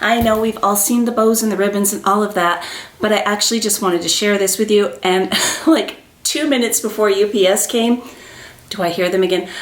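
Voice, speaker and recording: A woman with a Southern US accent hosting an excited unboxing vlog, giddy and breathless and repeating her exclamations. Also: medium pitch, echoey room. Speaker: YouTube host. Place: small room at a little desk, indoors.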